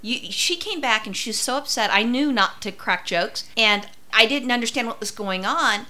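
Woman co-host, blunt and foul-mouthed, bright sharp voice. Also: a little high, animated, moderate pace. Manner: blunt, profane interjections. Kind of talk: casual chat.

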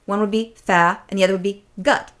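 A woman co-hosting a casual podcast chat, telling stories in a profane, animated way. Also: medium pitch, brisk. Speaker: podcast co-host.

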